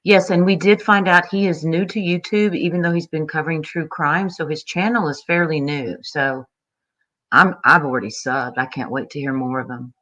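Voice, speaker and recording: Bright-sounding woman cohost, eager, agrees with everything. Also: sits low, fairly even intonation, normal speed, muffled recording. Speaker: co-host. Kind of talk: casual livestream chat.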